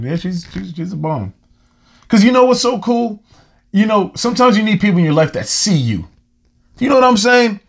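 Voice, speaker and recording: Husky man in a heartfelt casual monologue. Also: sits high. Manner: conversational, heartfelt, slangy, slows down for emphasis. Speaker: podcast host.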